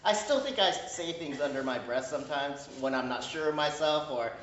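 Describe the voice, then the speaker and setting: A male pastor preaching a sermon in a conversational, animated way, often checking in with the congregation and acting out small exchanges. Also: fairly high pitch, normal speed, slight background noise. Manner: conversational, keeps asking "right?"; animated, acts out little dialogues. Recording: roomy echo, distant mic, dull sound.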